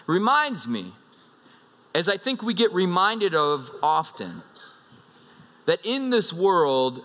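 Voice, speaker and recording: Pastor, thirties, male: bright, fairly high voice, casual storyteller from the pulpit, hall reverb. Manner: casual, animated storytelling with asides. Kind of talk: sermon with a personal story.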